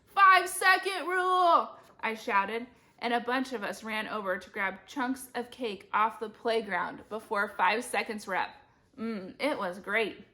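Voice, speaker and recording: A woman reading a children's chapter book aloud, jumping to loud high voices for the characters' shouted lines. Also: fairly even intonation, measured pace. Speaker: reader.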